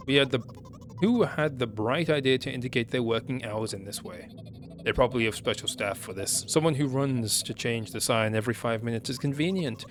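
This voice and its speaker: A man's voice: mid-range voice, a little fast, background noise. A man reading a story game's text aloud, stumbling over words and breaking off to comment.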